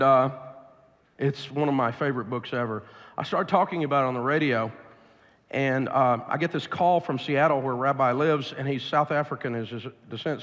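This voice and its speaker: A man's voice: mid-range voice, a bit bright. A man with a Southern US accent giving a blunt, emphatic, preachy money seminar to a live audience. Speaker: financial speaker. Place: large live event venue. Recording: long hall reverb from a large venue.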